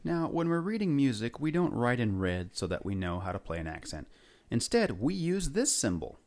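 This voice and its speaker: A man's voice: medium pitch, sing-song, moderate pace, a little mellow. A male music teacher leading a lesson for young kids, upbeat and coaxing them to repeat words and sing along. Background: faint guitar.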